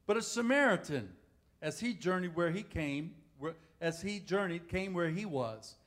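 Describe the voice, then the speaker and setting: A man's voice: sits high, expressive, normal speed, a bit bright. A man preaching a sermon to his congregation in a folksy way, often asking them questions. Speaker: pastor.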